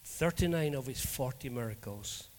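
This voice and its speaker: A man's voice: medium pitch, moderate pace, in a large hall, slight background noise. A Scottish man preaching as a minister, telling stories animatedly and acting out the dialogue. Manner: animated, acts out dialogue in anecdotes. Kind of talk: storytelling sermon.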